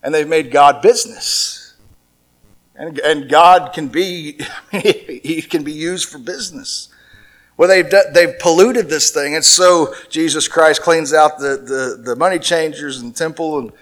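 Male preacher, slow and halting delivery, mid-high voice. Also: a bit bright. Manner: slow, repetitive, stammering restarts, voicing God in quotes. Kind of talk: sermon.

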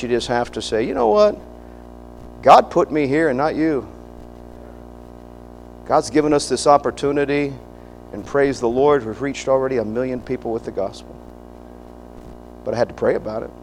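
A man's voice: medium pitch, big-room sound, slight background noise, poor audio. A middle-aged man preaching a sermon, emphatic and preacherly, often restarting phrases and breaking into asides.

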